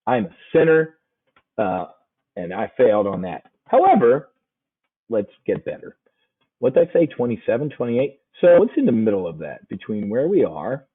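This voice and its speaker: Husky-voiced brash trading coach man. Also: mid-range voice, big pitch swings, normal speed. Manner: brash, joking, calls listeners "man". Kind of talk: casual live trading webinar. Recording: tinny phone-like audio.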